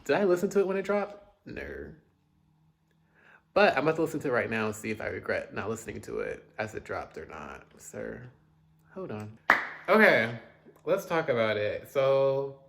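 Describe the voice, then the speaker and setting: A man casually reviewing new pop releases, chatty and dramatic, with quick asides and loud outbursts. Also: mid-range voice, creaky. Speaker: music reviewer.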